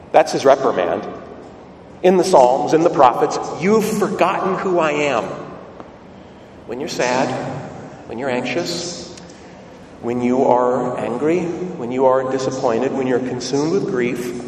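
A man's voice: a little high, darkish tone, a little hiss or hum. Man preaching in a reverberant church. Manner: conversational, emphatic storytelling. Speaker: priest. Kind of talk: sermon. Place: large church. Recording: echoey church from far off.

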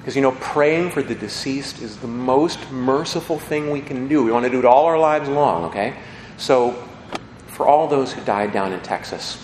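A priest delivers a homily in an echoey church with long reverb, his mid-range voice a little mellow and moving at normal speed. His style is conversational and folksy, and he often checks in with the congregation. A faint hiss or hum sits under the recording.

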